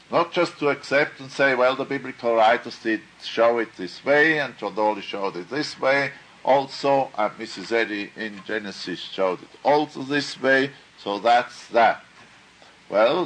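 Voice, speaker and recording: Brief: male teacher, bright tone, unhurried pace, keeps checking with "huh?". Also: mid-range voice, low-quality recording. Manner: questioning, repeats questions, frequent "huh?". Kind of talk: slow deliberate class lecture.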